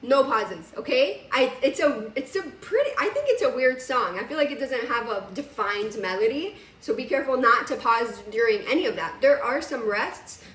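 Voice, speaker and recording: A woman's voice: a little high, a bit bright, reverberant, far from the mic. A woman teaching a piano lesson on video, chatty and casual, laughing now and then. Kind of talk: recorded music lesson. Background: piano playing.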